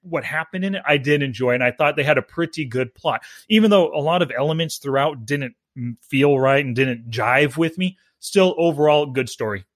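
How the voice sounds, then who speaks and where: A man's voice: fairly high pitch, normal speed, hardly any pauses, no room sound, clean studio sound. A man casually discussing a film as co-host, easygoing and thoughtful, with fillers here and there. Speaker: movie review co-host. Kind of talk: casual movie review chat.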